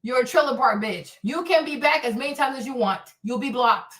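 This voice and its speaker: Bright, high-voiced woman ranting on a livestream. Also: fairly quick, recorded from a distance. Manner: profane, taunting, repetitive. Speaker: livestream host. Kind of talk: live-stream rant answering chat. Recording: echoey room, away from mic.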